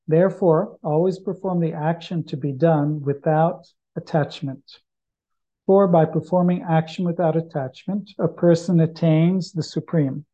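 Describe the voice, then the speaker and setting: Man, slightly high voice, scripture teacher, slow chanting, easygoing storytelling, lo-fi recording. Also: steady tone. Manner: slow measured chanting, then easygoing anecdotal explaining. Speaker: spiritual teacher. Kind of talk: scripture chanting and explanation talk. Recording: dull lo-fi recording.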